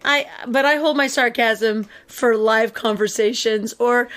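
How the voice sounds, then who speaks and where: Chatty, slightly high-voiced woman podcaster. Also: measured pace, heavy background noise. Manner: sarcastic, rambling, laughs often. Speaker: podcast co-host. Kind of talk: casual podcast chat.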